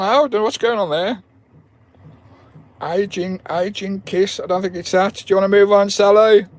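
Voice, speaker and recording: A man hosting a live stream, chatting jokily with viewers, swearing freely and laughing a lot as he guesses a puzzle. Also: sits high. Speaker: vanlife channel host.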